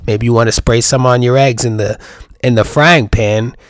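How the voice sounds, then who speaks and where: A man's voice: medium pitch, steady tone, normal speed, no echo, clean studio sound. A young man hosting his own podcast, rambling through profane, jokey riffs full of rhetorical questions. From New York. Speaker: podcast host. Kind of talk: casual solo podcast monologue.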